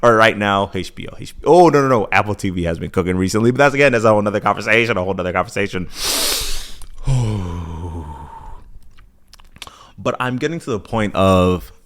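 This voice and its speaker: A relaxed American man in his twenties, with a somewhat low voice, chats through a casual podcast monologue. He rambles, drifts into asides, and stops to fix his own words, with a sigh here and there. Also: very fast, hardly any pauses. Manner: loose, chatty, self-correcting with sighs and asides. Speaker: podcast host.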